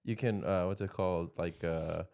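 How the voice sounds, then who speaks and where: A male co-host on a casual studio podcast. His voice sits on the low side and his banter is blunt and crude. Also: moderate pace, vocal fry, darkish tone. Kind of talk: casual comedic chat.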